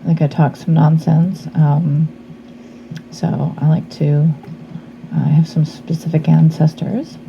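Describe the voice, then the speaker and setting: A slightly hoarse woman does a casual tarot reading. Her voice sits low and she talks slowly, drifting chattily from thought to thought. The recording is a little muffled, with faint noise underneath. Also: flat delivery, dark tone. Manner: meandering, chatty, trails off with fillers. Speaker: tarot reader.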